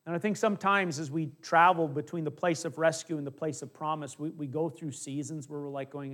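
A middle-aged male pastor preaching a conversational sermon, acting out little asides and dropping from emphatic to hushed. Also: on the high side, fairly even intonation, a little fast, few pauses.

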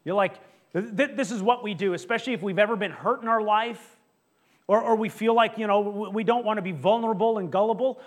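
High-voiced animated male preacher. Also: fairly quick. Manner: animated, conversational preaching with many restarts and acted-out quotes. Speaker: pastor. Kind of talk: sermon. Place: church sanctuary.

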